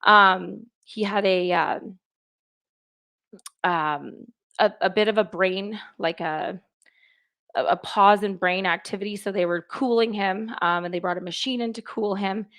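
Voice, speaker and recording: A woman's voice: medium pitch, steady tone, a little slow, fairly bright tone. A woman telling her own story on a live chat, emotional at times and retelling what others said, with restarts. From Canada. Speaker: guest sharing her birth story.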